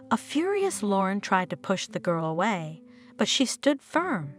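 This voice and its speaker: Woman reading a drama story, lively swoopy voice, quiet guitar behind. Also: mid-range voice, measured pace. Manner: animated, expressive reading. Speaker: narrator. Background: soft guitar music.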